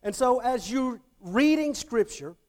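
A man with a fairly high voice for his sex, teaching the Bible in an easy, conversational way. He keeps checking in with his listeners and doubles back on words as he finds his phrasing. He sounds middle-aged and talks like a teacher leading a group. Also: lively intonation, unhurried, darkish tone. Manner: checks in often with the audience, repeats words on restarts.

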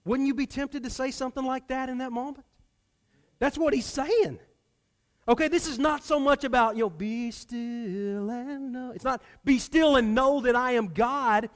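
A man's fairly high voice carries a Sunday sermon. He talks as a pastor to his congregation, pressing some lines loudly and sinking others into a low, quiet murmur. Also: moderate pace. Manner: animated, swings from loud emphasis to hushed low delivery.

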